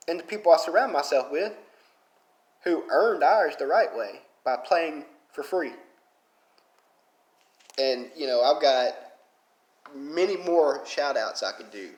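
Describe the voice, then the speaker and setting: A man with a slightly raised voice talks unhurriedly through casual game commentary. His delivery is blunt and gets louder and higher when he presses a point. The room around him rings with echo. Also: lively intonation, unhurried, pauses often. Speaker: gaming commentator. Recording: echoey room.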